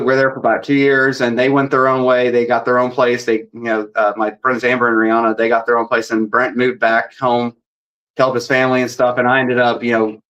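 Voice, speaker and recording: A man being interviewed as a paranormal investigator, telling stories in a rambling, animated way and acting out the dialogue. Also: mid-range voice, lo-fi sound. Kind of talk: casual storytelling.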